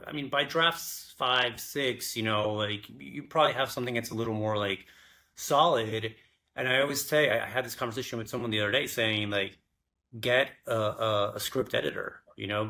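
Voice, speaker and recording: A man hosting an interview as a director and screenwriter, speaking haltingly with many repeated words. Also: fairly low pitch, sharp tone. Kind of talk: casual interview talk.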